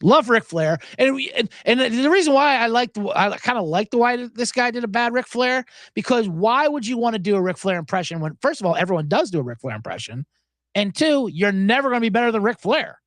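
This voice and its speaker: Animated rambling sports-betting host. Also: male voice, very high voice, a little fast, dry recording. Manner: rambling, profane, sarcastic asides. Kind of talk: casual solo chat.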